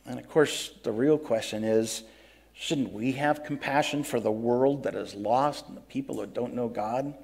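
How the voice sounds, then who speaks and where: In an interview, a male actor speaks in first person as a grumpy, complaint-prone biblical prophet recounting his own story. His mid-range voice moves at a normal speed and sounds creaky, husky and slightly mellow. The delivery is plain-spoken and earnest, suited to storytelling, and now and then breaks into pleading outbursts.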